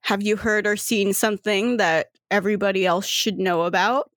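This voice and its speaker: A woman's voice: sits high, slow pace, dry recording, full character voice. A woman voicing a sly cutesy telepath. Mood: calm stern. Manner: calm, stern, lightly giggling. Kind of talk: game master voicing a character.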